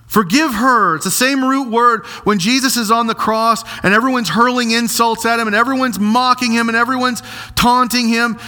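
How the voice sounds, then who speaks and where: A man preaching a sermon, earnest and emphatic, slowing down to stress repeated phrases. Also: very high voice, fairly even intonation, pushed and bright. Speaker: pastor.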